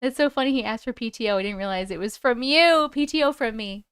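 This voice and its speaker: A woman in her thirties with a Long Island accent, hosting a casual live stream; she talks loudly and excitedly and laughs often. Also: on the high side, fast talker, clear, resonant tone, dry recording, clean studio sound. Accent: Long Island New York. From Long Island, New York. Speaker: YouTube live host. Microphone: close microphone.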